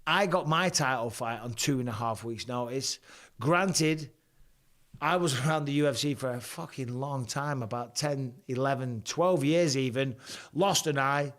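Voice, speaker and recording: A man's voice: medium pitch, a bit bright. A middle-aged man with a Lancashire accent, from England, hosting a live stream and rambling through fight talk, swearing freely. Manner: swearing, rambling, chatty banter. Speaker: host, former fighter. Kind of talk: casual live-stream commentary.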